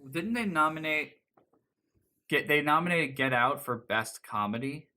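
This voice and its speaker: A man co-hosting a podcast, talking casually and ranting in an animated way. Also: fairly high pitch, unhurried. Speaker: podcast co-host. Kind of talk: casual chat.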